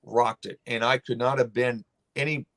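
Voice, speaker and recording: A man's voice: mid-range voice, flat delivery, normal speed, a bit bright. Impassioned lawmaker man, emphatic and blunt. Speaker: state lawmaker guest. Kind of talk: impassioned interview talk.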